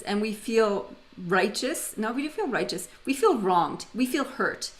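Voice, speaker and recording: A woman's voice: mid-range voice, lively intonation, a little slow, poor audio. Woman leading a webinar. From Canada. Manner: conversational, tells personal stories with humor. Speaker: webinar facilitator. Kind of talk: webinar presentation.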